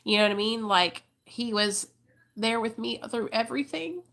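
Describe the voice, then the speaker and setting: Bright-voiced chatty woman, swearing freely. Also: fairly high pitch, moderate pace, creaky. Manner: chatty, emotional, swears freely, addresses viewers as y'all. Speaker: livestream host. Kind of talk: casual storytelling livestream.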